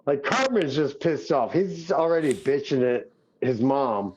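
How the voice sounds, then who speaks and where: A man's voice: medium pitch, very animated, measured pace, a little mellow, husky, lo-fi sound. A man co-hosting a podcast, chiming in with hyped-up, profane interjections. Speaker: podcast co-host. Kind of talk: casual chat.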